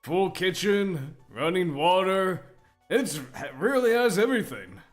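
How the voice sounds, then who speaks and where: A man's voice: sits high, very animated, a little slow, faint music behind, pitched above the performer's own voice. A man reading aloud the lines of an upbeat young man from a cabin game.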